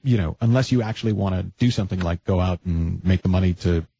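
Guy playing a mom talking straight to her son, husky, unhurried, dry muffled audio. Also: deep voice, mellow, dry recording, pitched below the performer's own voice. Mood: steady, frank. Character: calm mother talking plainly to her grown son.

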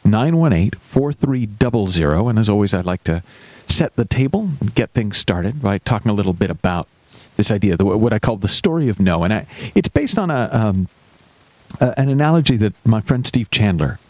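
A man's voice: lowish voice, sing-song, moderate pace, darkish tone, no echo. A man hosting a radio coaching show, telling a story in an emphatic, storytelling manner and acting out the characters in it. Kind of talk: radio call-in show monologue.

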